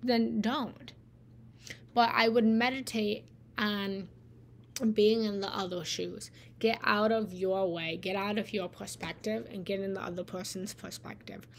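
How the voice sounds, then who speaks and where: Speaking a little slowly, with medium pitch and fairly even intonation, a woman meditation teacher answers viewer comments in a live-stream spiritual talk. She's earnest and encouraging, repeats phrases for emphasis, and adds whispered asides, with slight background noise.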